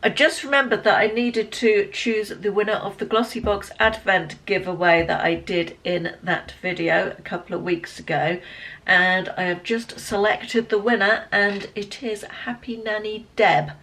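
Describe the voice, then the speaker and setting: A woman in her fifties chatting casually in a rambling day-in-the-life vlog, full of ums and restarts, sometimes dropping to a soft near-whisper. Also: mid-range voice, steady tone, a little slow. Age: 50s. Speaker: lifestyle vlogger.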